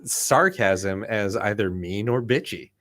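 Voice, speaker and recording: A man co-hosting a casual talk show, speaking in a measured, direct, dry way. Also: on the low side, crowd noise. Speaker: podcast co-host. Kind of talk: casual chat.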